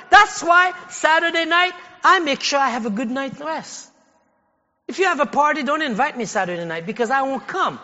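A man preaching a sermon as a pastor, speaking in a casual, conversational way that builds to shouted exhortation. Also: extremely high pitch, long reverb tail, muffled recording. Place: church sanctuary.

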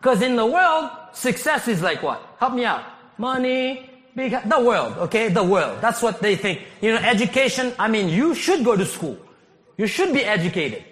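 A man from Haiti preaching a sermon as pastor, animated, laughing often and rising to shouts. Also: high voice, normal speed. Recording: long hall reverb.

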